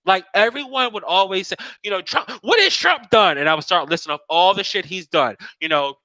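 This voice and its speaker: A man's voice: high voice, brisk, no room sound, low-quality recording. A man ranting in casual talk, swearing constantly and mocking others in put-on voices. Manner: profane, animated, mocks others in put-on voices. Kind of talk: casual political rant.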